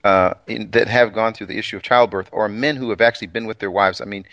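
A middle-aged man co-hosting a casual talk about scripture, animated and teasing, often laughing. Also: fairly low pitch, fast, no echo, lo-fi sound. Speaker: co-host of a scripture talk show.

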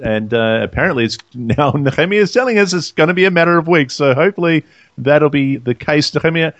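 A man's voice: on the high side, expressive, a little fast, a bit bright, lo-fi sound. A man hosting a podcast, speaking enthusiastically and addressing the listeners directly. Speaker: podcast host. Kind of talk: podcast conversation.

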